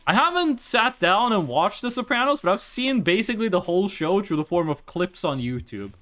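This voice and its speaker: A fairly quick, medium-pitched voice belongs to a game streamer talking casually during live play, freely cursing and exclaiming in excitement, all picked up by a desk microphone at home.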